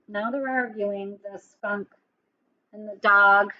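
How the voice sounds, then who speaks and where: A woman teacher telling a story to young children, animated and asking them questions. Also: medium pitch, slow pace, highs cut off.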